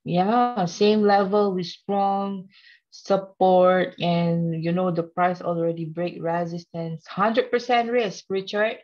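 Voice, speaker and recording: A woman's voice: lowish voice, fairly even intonation, takes it slowly, darkish tone. Playful woman teaching, lo-fi sound. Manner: playful, teasing, laughs often, talks straight to the viewers. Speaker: trading instructor. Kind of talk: live webinar lesson.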